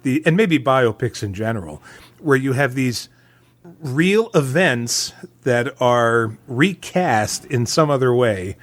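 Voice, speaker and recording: A man's voice: medium pitch, lively intonation, slow pace. A man co-hosting a podcast, rambling and thinking aloud with many fillers. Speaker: podcast co-host. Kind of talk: casual podcast discussion.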